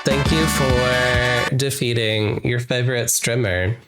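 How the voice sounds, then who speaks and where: An adult game streamer chatting casually with viewers during a live stream, playful and excitable, laughing often. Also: mid-range voice, takes it slowly, loud music behind the voice. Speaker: wholesome RPG game streamer.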